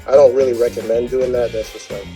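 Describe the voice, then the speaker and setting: Guest drone pilot, male, deep mellow tone, relaxed chatter, faint music under. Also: quick pace, low-quality recording. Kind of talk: casual interview chat.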